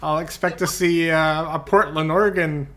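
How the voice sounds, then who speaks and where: A man's voice: a little high, fairly even intonation, normal speed, bright, forceful tone, a little hiss or hum. A man hosting a casual podcast chat, jumping in with short jokes and questions. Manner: brief interjections, joking.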